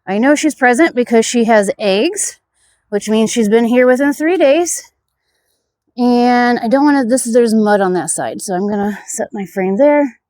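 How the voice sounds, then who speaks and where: Standing by a beehive outside, a woman at a fairly high pitch and normal speed narrates her inspection in a chatty, casual way. Her voice is a little mellow, and she keeps talking to the bees and muttering asides to herself.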